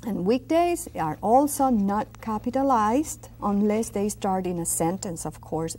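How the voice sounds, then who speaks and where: A middle-aged woman teaching a language lesson, repeating each word slowly and clearly for students. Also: mid-range voice, mellow. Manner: slow, drawn-out repetition of words for students. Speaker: Spanish teacher.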